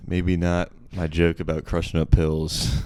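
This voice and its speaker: A young man with a very low, smooth voice co-hosts a casual podcast. He sounds laid-back and tosses in dry jokes. The sound is close and dry, with no room echo. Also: completely flat delivery, measured pace, mellow. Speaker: podcast co-host, stand-up comedian.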